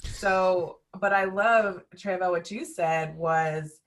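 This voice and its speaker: A woman's voice: fairly low pitch, takes it slowly. A woman on a discussion panel, speaking in a heartfelt, reflective way and often asking "you know what I mean?".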